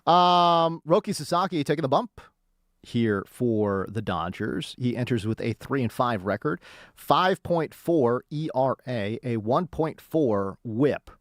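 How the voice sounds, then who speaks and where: A man hosting a sports radio show, hyped and jokey, swinging between loud bursts and calm stat talk. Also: medium pitch, measured pace, no room sound, studio quality.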